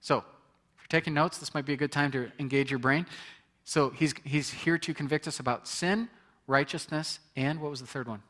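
A man's voice: fairly high pitch, fairly even intonation, normal speed, fairly bright tone. A man preaching a sermon in a conversational way, reading scripture aloud and often restarting his words. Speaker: pastor.

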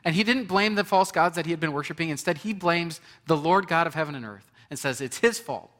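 A man's voice: on the high side, brisk, fairly bright tone, long reverb tail. A man preaching a sermon as pastor, conversational, asking the congregation questions and acting out quoted people.

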